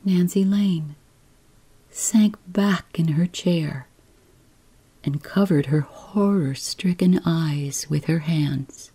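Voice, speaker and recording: A woman podcast host narrating a bedtime story softly and unhurriedly. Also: sits low, slightly rough. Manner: soft, unhurried, gentle.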